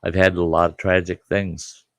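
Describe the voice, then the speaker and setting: A man's voice: sits low, level tone, moderate pace, fairly bright tone, no room sound. A man in his sixties hosting a live stream, talking in a rambling, emphatic, indignant way from his home studio. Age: 60s. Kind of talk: casual monologue.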